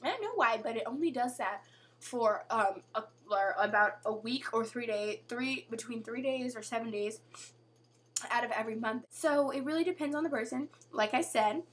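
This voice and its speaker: A young woman vlogging in a casual chat to camera, chatty and full of "like" and "you know", her voice going hoarse. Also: fairly high pitch, normal speed, fairly bright tone.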